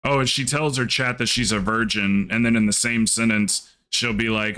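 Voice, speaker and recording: A man's voice: lowish voice, steady tone, moderate pace, sharp tone. A young man livestreaming, chatting casually and rambling through a story while acting out the people in it. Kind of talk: casual stream chat.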